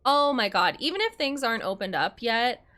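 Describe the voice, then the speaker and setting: Young female streamer, high and bright voice, bubbly chatter with her viewers. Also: sing-song, moderate pace. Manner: chatty and bubbly, swears freely, greets and thanks viewers. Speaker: game streamer. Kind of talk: casual livestream chat while playing.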